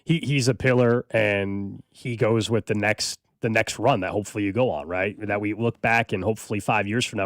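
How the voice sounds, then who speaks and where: A male sports radio host chatting quickly in a dry booth. He rambles and restarts his sentences. His delivery stays casual and conversational. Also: on the low side, steady tone, no room sound. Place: radio studio.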